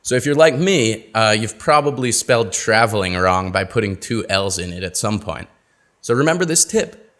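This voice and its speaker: A man giving a webinar lesson on pronunciation, speaking clearly and drawing out example words. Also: lowish voice, expressive, fairly bright tone. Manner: clear, deliberate teaching with drawn-out example words. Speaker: pronunciation teacher.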